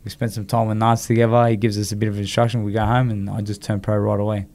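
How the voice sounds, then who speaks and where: Animated Australian man telling stories. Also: lowish voice, fast. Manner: animated, acts out quoted dialogue, frequent "you know". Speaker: guest. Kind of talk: casual storytelling in conversation.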